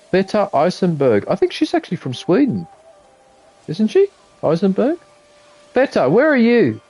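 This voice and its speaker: A man's voice: high voice, darkish tone, no echo. A man chatting casually on a live game stream, muttering to himself and swearing when frustrated. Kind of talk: casual live-stream chat while gaming.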